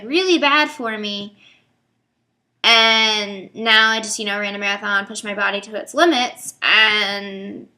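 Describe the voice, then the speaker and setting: Young woman vlogger, bright tone, chatty and hesitant, lots of fillers. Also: mid-range voice, gravelly. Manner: rambling, hesitant, heavy on fillers. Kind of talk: casual talk to camera.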